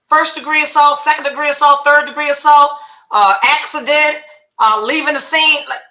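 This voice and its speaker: Animated high-pitched woman telling a story. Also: normal speed, echoey room, poor audio. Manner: candid, profane, animated retelling with quoted dialogue. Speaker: podcast host. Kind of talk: personal storytelling.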